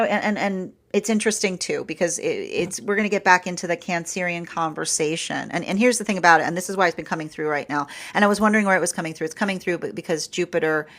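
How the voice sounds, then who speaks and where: A woman's voice: lowish voice, a bit bright. Rambling woman giving a tarot reading. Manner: rambling, laughs often, many restarts. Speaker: tarot reader. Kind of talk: casual spiritual reading.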